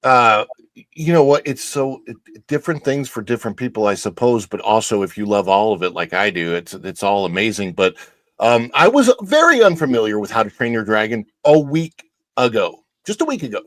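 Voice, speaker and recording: A man co-hosting a talk show, telling a story in an animated, enthusiastic way, with his voice jumping higher when he gets excited. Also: brisk, dry recording. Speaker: co-host. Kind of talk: casual storytelling chat.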